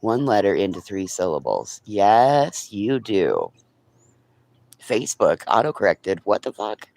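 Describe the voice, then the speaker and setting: A man's voice: fairly low pitch, very animated, measured pace, vocal fry, a little mellow, no room sound. A man in a casual, rambling live-stream chat, talking to his viewers and his pets early in the morning. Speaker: vlogger.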